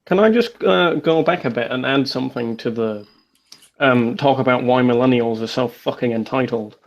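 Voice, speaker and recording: A twenty-year-old man with a gravelly voice pushes to make his point in a group chat. His voice sits mid-range, and he is opinionated and keeps trying to cut in. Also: medium pitch, normal speed, dull audio. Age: 20s.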